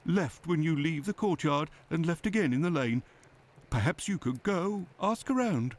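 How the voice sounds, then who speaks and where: A man's voice: on the high side, animated, normal speed. An actor playing a chatty, deferential male police constable in a video game.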